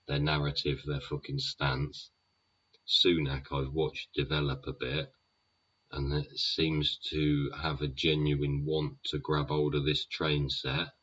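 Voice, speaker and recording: A podcast host with an extremely low yet fairly bright, husky voice rambles through a sweary monologue. He peppers it with tag questions like "yeah?" and "wouldn't ya?", and the recording is dull and lo-fi.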